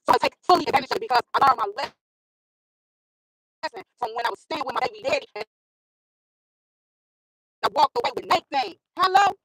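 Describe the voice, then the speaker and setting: A woman's voice: high-pitched, animated, a little fast, pauses often, fairly bright tone, husky, no room sound, poor audio. A woman vlogger with a school-age son, telling her own story in a casual monologue and repeating phrases for emphasis. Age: adult with a school-age son.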